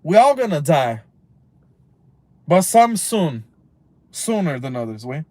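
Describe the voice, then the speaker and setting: A man's voice: a little high, big pitch swings, takes it slowly, a little mellow, dry recording. A man of about thirty, ranting casually on a live stream from inside a car, heated and profane, rambling and mixing in Spanish slang. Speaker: livestream host.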